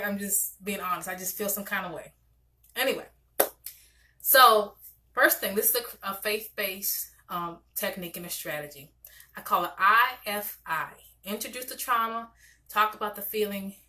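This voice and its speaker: A woman therapist giving a casual teaching talk to parents, speaking in an animated, conversational way with many restarts. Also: mid-range voice.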